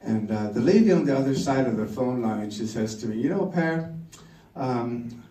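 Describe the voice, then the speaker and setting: A middle-aged man from Sweden with a Swedish accent, telling a story on stage in an animated way, laughing and acting out the quotes. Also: mid-range voice, brisk, echoey room, distant mic, poor audio. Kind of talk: storytelling talk.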